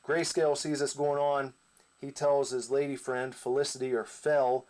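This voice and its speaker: A man's voice: medium pitch, level tone, moderate pace, darkish tone. A man casually recapping his own comic, rambling with asides. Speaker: comic creator.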